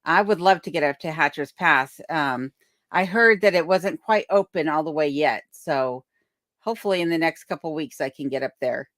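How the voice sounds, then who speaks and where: Low-voiced woman chatting on a livestream. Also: moderate pace, a bit bright, no echo, studio quality. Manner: reads viewer comments aloud, chatty and thankful. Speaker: livestream host. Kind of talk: casual live chat. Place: remote home in Alaska. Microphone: desk microphone on a boom arm.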